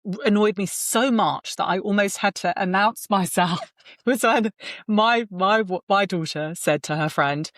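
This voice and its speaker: A woman's voice: mid-range voice, measured pace, no room sound, clean studio sound. A woman in her forties, a guest, telling candid parenting stories in conversation and acting out the voices she quotes. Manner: animated, acts out quoted voices. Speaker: guest, surgeon and author.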